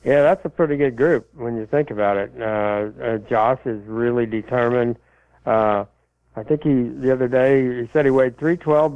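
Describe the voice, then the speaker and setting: On a tinny, dry phone line, a man of medium pitch casually fields listener questions about college football. He rambles and halts, full of fillers and restarts.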